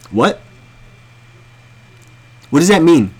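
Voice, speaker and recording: A man's voice: mid-range voice, sing-song, takes it slowly, long pauses, husky. An American man telling a story as a blunt, heated, profanity-filled rant to his viewers. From United States. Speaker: storyteller ranting to camera.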